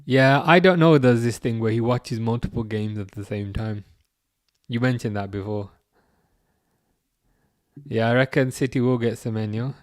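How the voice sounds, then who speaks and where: Speaking at normal speed in a mid-range voice, a man leaves long pauses as he hosts a football watch-along stream. He rambles through casual chat, answering viewer comments and restarting often. The audio is studio quality with no room sound.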